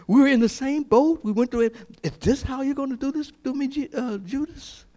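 A man's voice: very high-pitched, a little fast, dark tone, voice pushed up. A man preaching a sermon who voices a hurt, betrayed male teacher pleading with a friend in pained questions.

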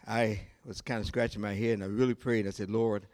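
A male pastor preaching a sermon, telling a story in a slow, deliberate way with pauses. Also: fairly low pitch, little pitch movement, a little mellow.

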